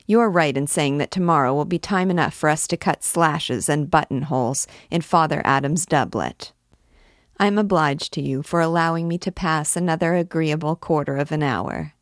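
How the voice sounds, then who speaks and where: A woman's voice: sits low, no echo, studio quality, lightly acted. A woman voicing a brash, hot-tempered young army captain in a read-aloud novel. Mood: glib. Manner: swaggering and quick to anger.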